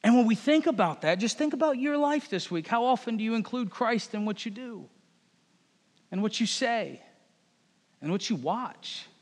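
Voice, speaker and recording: Male pastor, high voice, direct conversational sermon, long hall reverb. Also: lively intonation, normal speed. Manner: direct, conversational, addresses congregation as folks and y'all.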